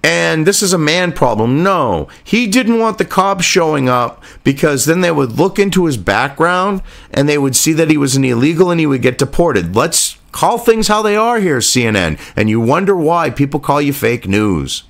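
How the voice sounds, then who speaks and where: A man's voice: fairly high pitch, very animated, moderate pace, creaky, few pauses, a bit bright. A man ranting in political commentary, profane, sarcastic and indignant.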